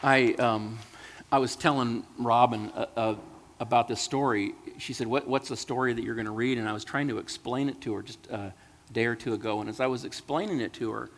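A man's voice: medium pitch, steady tone, normal speed. Earnest man reading a children's story. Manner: earnest, emotional. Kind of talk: reading a children's story aloud, then reflecting. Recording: long hall reverb.

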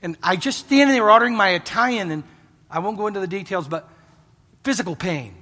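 Lively high-voiced man preaching in a hall. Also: brisk. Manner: storytelling, earnest pleading with laughs. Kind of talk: sermon. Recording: long reverb of a hall.

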